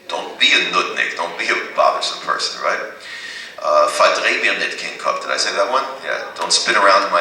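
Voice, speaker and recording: Deep-voiced man lecturing in an echoey hall. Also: expressive, brisk, sharp tone. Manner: chatty, digressive, laughs at own jokes. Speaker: Yiddish teacher and ventriloquist. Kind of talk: lively classroom lecture. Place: library room with an audience. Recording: echoey room, distant mic, faint noise.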